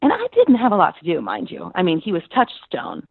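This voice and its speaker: Guest actress, middle-aged woman, gravelly edges, tinny phone-line sound, animated storyteller. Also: a little fast, no echo. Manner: animated, acts out quoted dialogue with big pitch jumps. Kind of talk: conversational interview storytelling.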